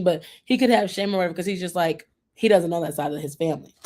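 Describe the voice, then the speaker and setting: A woman's voice: on the low side, vocal fry, a little mellow. A woman hosting a casual TV recap chat, chatty and opinionated, often acting out what people on the show said. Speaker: host.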